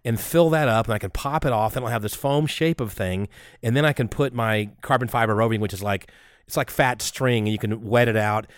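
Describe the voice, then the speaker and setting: A man co-hosting a podcast, chatting casually and excitedly, rambling and restarting his sentences. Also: medium pitch, fairly quick, dry recording, studio quality. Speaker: podcast co-host.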